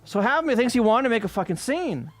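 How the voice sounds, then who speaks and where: Over soft background music, a man with a very high, sing-song voice talks fast on his livestream. He works as he chats casually with viewers, swearing his way through an exasperated story.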